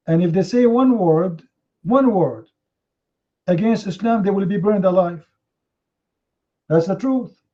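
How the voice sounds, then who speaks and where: Mocking, high-voiced male debate host. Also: unhurried, pauses often, dark tone. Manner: confrontational, mocking, rhetorical questions; non-native English grammar. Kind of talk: heated live online debate. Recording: slightly muffled online stream audio.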